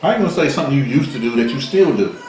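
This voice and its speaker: A man's voice: mid-range voice, expressive, very fast, darkish tone. Joking man in a very echoey room. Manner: joking, boastful storytelling. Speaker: vlog co-host. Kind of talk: casual mukbang chat. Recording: very echoey room, faint background noise.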